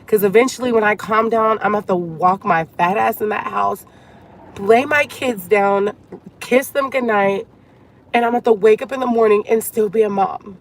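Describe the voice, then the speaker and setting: A woman's voice: medium pitch, normal speed. Upset woman venting in a vlog. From Cuban family. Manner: venting, talks to viewers as girlfriends. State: upset and near tears. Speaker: vlogger. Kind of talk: emotional storytime vlog.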